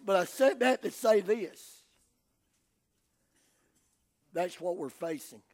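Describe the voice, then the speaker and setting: An older man with a Southern US drawl delivers a sermon in a high voice. He tells folksy stories and swings from hushed, low passages up to shouting. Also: lively intonation, normal speed. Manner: folksy storytelling. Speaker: preacher.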